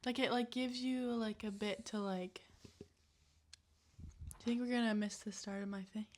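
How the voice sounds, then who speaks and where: A woman's voice: medium pitch, steady tone, moderate pace, darkish tone. A young woman co-hosting a casual family podcast, chatty and hesitant, with many fillers. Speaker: podcast co-host.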